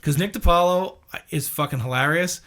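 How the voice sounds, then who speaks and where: A man's voice: a little high, normal speed, a bit bright. A man co-hosting a podcast, telling rambling, profane anecdotes in casual chat.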